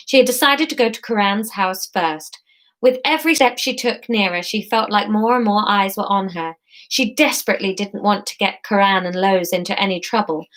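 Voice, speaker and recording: A woman hosting a live audience-choice story, reading her own narration with quick self-mocking asides and casual swearing. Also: medium pitch, a bit bright.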